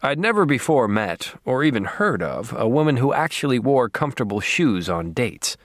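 A man narrating an audiobook in a dry, wry, deadpan manner. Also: mid-range voice, moderate pace, no echo.

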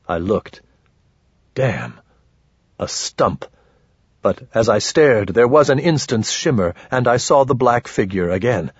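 A man narrating an audiobook in first person with a dry, grumbling, wry manner and a husky voice. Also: mid-range voice, lively intonation, takes it slowly, long pauses, no room sound, highs cut off.

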